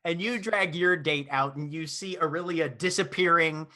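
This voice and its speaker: A man's voice: on the high side, moderate pace, bright, forceful tone. A man running a tabletop game as game master, narrating scenes and laughing often as he goes.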